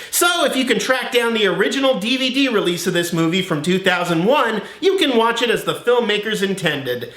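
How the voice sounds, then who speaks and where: A man's voice: high-pitched, sharp tone, roomy sound. A man co-hosting a film review show, delivering wry, enthusiastic scripted commentary.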